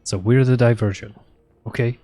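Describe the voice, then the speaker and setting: A man's voice: medium pitch, steady tone, moderate pace, dark tone, no room sound, faint music behind. A man streaming a video game live and joking his way through it with wry commentary.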